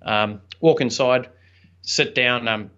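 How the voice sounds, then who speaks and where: A man's voice: medium pitch, takes it slowly, fairly bright tone. A young man, a podcast guest and entrepreneur, telling a personal story in an earnest, reflective, chatty way with some fillers. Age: young adult. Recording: slightly dull lo-fi audio.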